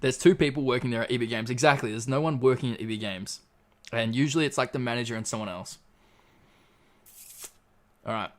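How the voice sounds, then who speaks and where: A man's voice: medium pitch, fairly quick, long pauses. An Australian man hosting a livestream in casual chat, laid-back and swearing freely as he reads out chat messages. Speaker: livestream host.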